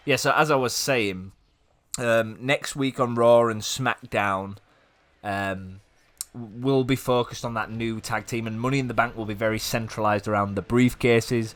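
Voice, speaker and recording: A man hosting a gaming video, giving chatty play-by-play commentary that rambles and jumps up with excitement at big moves. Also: mid-range voice, measured pace. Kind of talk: casual play-by-play game commentary.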